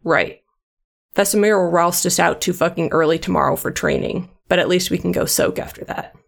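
Woman putting on a grumbly swearing monster hunter guy, low and gravelly. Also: steady tone, a little fast. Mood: gruff. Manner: curses constantly, blunt and grumbling. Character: gruff profane male monster hunter, grumpy but protective.

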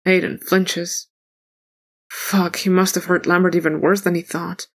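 A woman reading fan fiction aloud in an even, unhurried narrating voice. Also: on the low side. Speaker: audiobook reader.

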